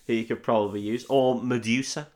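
A man's voice: mid-range voice, fairly even intonation, normal speed, a little mellow. A man co-hosting a podcast in casual chat, joking crudely and laughing often. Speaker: podcast co-host.

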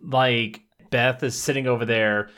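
A man co-hosting a casual podcast, laid-back and quick to drop profane jokes. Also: medium pitch, steady tone, sharp tone, smooth. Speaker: podcast co-host. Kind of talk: casual chat reviewing a cartoon.

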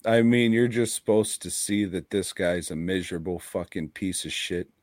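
A man's voice: low voice, normal speed, dry recording. A man co-hosting a casual podcast who talks bluntly, swears constantly and laughs often. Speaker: podcast co-host.

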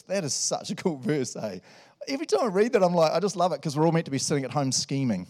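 New male pastor, casual sermon style, mid-range voice, warm enthusiasm and frequent asides. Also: medium pitch, very animated, quick pace, vocal fry. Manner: chatty and enthusiastic, with lots of asides and "eh?". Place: church service.

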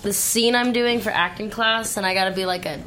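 A woman's voice: mid-range voice, fairly even intonation, a little fast, fairly bright tone, slight background noise. A young adult woman on a radio talk show as a guest, playful and casual. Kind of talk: casual chat.

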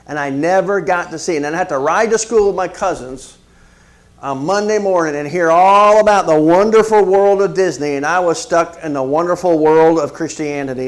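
A middle-aged pastor with a slightly high voice preaches in a lively, conversational way. He moves from storytelling into direct questions to his congregation and keeps a casual tone. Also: moderate pace. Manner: animated, conversational preaching with frequent asides to the congregation. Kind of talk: sermon with storytelling.

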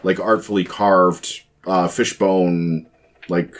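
A man's voice: sits low, flat delivery, slow pace. A man narrating a tabletop game as game master, rambling with lots of fillers and restarts.

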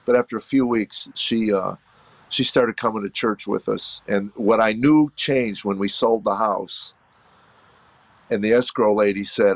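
A middle-aged man, a comedian, telling his personal story in an earnest, reflective way, halting and restarting. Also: on the low side, fairly even intonation, no room sound. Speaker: comedian guest.

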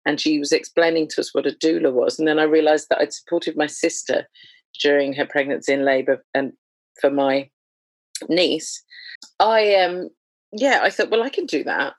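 A woman, a doula, chatting as a podcast guest in a lively, humorous storytelling way. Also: low-pitched, moderate pace, dry recording. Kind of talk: conversational storytelling.

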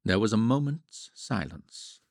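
A man reading a novel aloud in a wry, measured storytelling manner. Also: fairly low pitch, lively intonation, gravelly, darkish tone, no room sound, studio quality. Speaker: audiobook narrator. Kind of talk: scripted narration.

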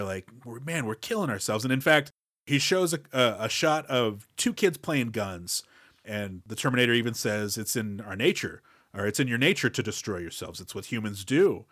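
A man's voice: medium pitch, fairly bright tone, dry recording. Man, podcast co-host, explainer, casual, lots of fillers, dry recording. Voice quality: explanatory, loose with fillers and "you know". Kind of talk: casual movie podcast chat.

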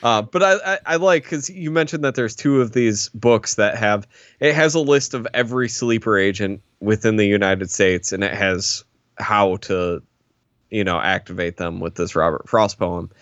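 A man's voice: fairly low pitch, normal speed, a bit bright, no echo, muffled recording. A man cohosting a movie podcast, enthusiastic and stammering through restarts as he talks. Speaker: podcast co-host. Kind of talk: casual movie discussion.

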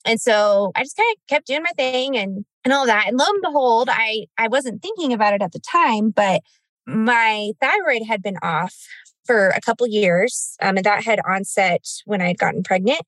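A woman's voice: fairly high pitch, expressive, normal speed, fairly bright tone, no room sound. Chatty woman telling a personal story. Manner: chatty, many "like" fillers, acts out quoted speech. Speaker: podcast guest. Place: outdoors in a cemetery.

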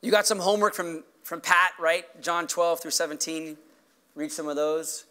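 A man preaching a sermon as pastor, earnest and conversational, often checking in with the congregation with a quick tag question. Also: fairly high pitch, level tone, bright, forceful tone, smooth.

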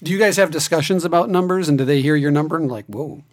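A man's voice: on the high side, quick pace. A man co-hosting a casual chat, asking brief questions and interjecting. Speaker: podcast co-host asking questions.

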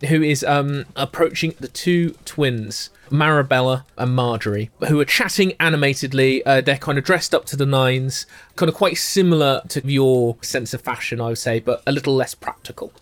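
A game master narrating a tabletop role-playing game, relaxed with frequent stammering restarts. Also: medium pitch, normal speed, no room sound.

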